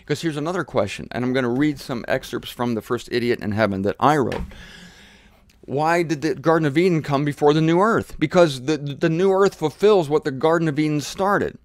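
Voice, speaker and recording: A man's voice: fairly high pitch, a little fast, dry recording. A man hosting his own show, teaching the Bible in an emphatic, conversational way with irreverent asides. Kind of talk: animated solo Bible teaching.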